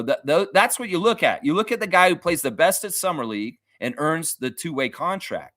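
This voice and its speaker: Male livestream host, lively swinging pitch, blunt and profane, close dry mic. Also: no echo. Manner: animated, blunt and profane, laughs often. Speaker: host of a daily basketball livestream. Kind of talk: casual livestream commentary reading chat.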